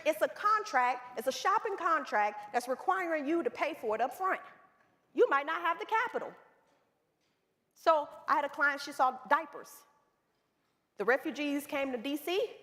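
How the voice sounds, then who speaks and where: A woman's voice: sits high, normal speed. A woman business coach giving a seminar talk, telling stories and speaking straight to the audience. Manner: animated storytelling, addresses the room directly. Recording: reverberant hall.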